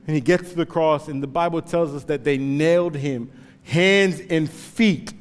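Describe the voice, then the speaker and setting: Impassioned high-voiced preacher in a hall. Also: male voice, moderate pace. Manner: impassioned, swings from hushed to shouting. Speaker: pastor. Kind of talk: sermon.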